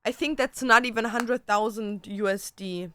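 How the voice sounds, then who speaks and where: A young woman from Germany, speaking, chats loosely on a livestream, full of "like" and casual swearing. Her voice is smooth, crisp and bright, a touch higher than most, recorded dry and close. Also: normal speed, no echo. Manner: chatty, swearing, lots of "like". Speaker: streamer. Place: home.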